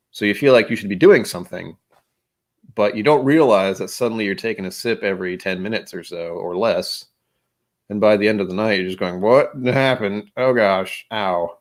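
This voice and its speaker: A man with a fairly low voice hosts a relaxed livestream. He talks casually and rambles, restarting sentences and poking fun at himself. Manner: rambling, self-deprecating, with frequent restarts. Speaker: host of a whisky livestream.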